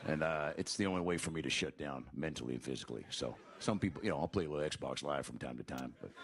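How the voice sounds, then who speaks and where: A man telling stand-up stories in a deadpan, mumbling way full of fillers, on a comedy club stage. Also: a bass voice, noisy background. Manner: slow, mumbling, filler-heavy delivery.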